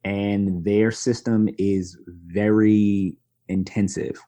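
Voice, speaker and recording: New man, 20s, podcast guest, lowish voice, animated candid storyteller. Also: slow pace. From Brooklyn, New York. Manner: animated, candid, self-deprecating. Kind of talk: conversational storytelling.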